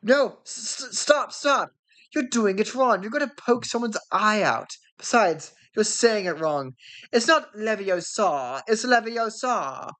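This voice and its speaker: A woman's voice: mid-range voice, expressive, a little slow, fairly bright tone. A woman voicing a bossy know-it-all schoolgirl with a prim, corrective manner. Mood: correcting.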